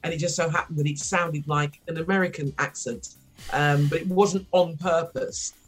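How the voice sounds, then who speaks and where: A middle-aged woman from Wolverhampton with a mild West Midlands accent, chatting as a podcast guest, laughing often and filling pauses with ums. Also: low voice, steady tone, breathy edge, faint music behind. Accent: mild West Midlands English. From Wolverhampton, England. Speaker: guest, former rapper. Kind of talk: podcast interview.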